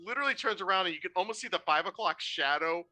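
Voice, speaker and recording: A game master narrating a tabletop game in an animated, laughing, loose way. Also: mid-range voice, fast talker.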